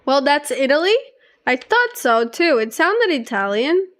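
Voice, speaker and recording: High-voiced chatty woman streamer. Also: sing-song, a little slow, fairly bright tone. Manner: chatty, giggly, reads aloud to chat. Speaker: livestreamer. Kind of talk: casual gaming stream chat.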